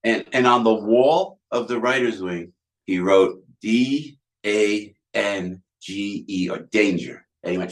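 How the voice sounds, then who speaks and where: An older man with a New Jersey accent, a guest telling animated backstage stories, jumping into character voices as he acts out scenes. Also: unhurried. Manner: lively, acts out other people's lines with big pitch jumps. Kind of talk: animated storytelling.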